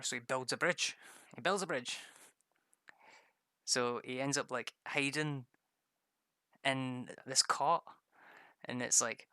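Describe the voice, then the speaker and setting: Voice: mid-range voice, unhurried, long pauses, bright, forceful tone, dry recording, clean studio sound. A streamer chatting casually while drawing maps, rambling, swearing freely, often laughing at themselves.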